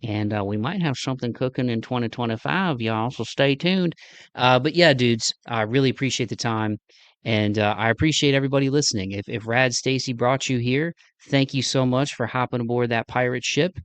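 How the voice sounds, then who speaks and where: A man's voice: mid-range voice, a little fast, fairly bright tone, dry recording. Rambling Midwestern man hosting a podcast. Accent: Midwestern American. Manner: rambling, enthusiastic, self-deprecating. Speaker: podcast host. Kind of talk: casual solo podcast outro.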